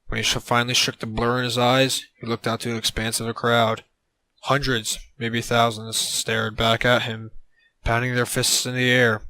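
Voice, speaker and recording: A man narrating an absurd comedic story in a deadpan way on a close mic. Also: medium pitch, dry recording, low-quality recording.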